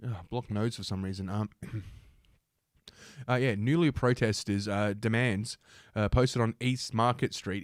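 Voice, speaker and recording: Low-voiced man ranting sarcastically. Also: dry recording, clean studio sound. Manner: sarcastic, profane and combative. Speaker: livestream host. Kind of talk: ranting commentary while reading news aloud.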